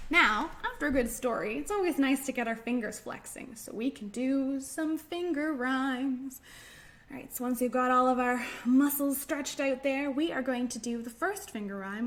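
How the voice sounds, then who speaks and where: A woman leading a children's storytime, reading aloud and doing finger rhymes in a gentle, sing-song way. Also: high-pitched. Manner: slow, gentle, sing-song with frequent laughs. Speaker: children's librarian.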